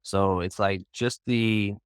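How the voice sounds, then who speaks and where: A man with a fairly low voice tells a long story as a guest on a group voice call. He rambles casually, fills his sentences with "like" and "bro", and keeps restarting them. The sound is dry, with almost no room echo. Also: steady tone, slow pace, clean tone. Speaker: interview guest.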